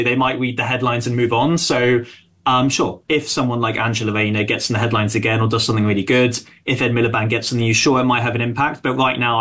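A man's voice: mid-range voice, a bit bright. A man being interviewed on the radio as a polling researcher, who hedges his analysis and uses plenty of fillers. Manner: hedging, frequent fillers. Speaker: pollster, radio guest.

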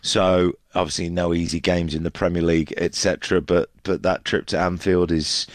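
A man's voice: deep voice, no echo, studio quality. A man talking through last night's football results as a reporter, chatty and full of fillers and restarts. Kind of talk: casual match analysis on radio.

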